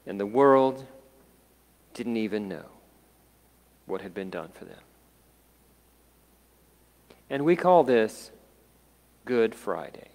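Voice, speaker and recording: A man delivers a sermon in a deliberate, unhurried way. His voice swells and then sinks to near quiet. A long reverb from a church sanctuary trails behind every phrase. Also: fairly low pitch, animated. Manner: slow, dramatic, dropping to hushed tones. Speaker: pastor.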